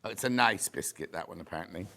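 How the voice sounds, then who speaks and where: A man's voice: low-pitched, animated, quick pace, bright, forceful tone, slight background noise. A man with a British accent hosting a live shopping channel, chatting and reading out viewer comments. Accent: British English. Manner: chatty, camp asides, reads viewer comments aloud. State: a bit out of breath. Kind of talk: live TV sales presenting.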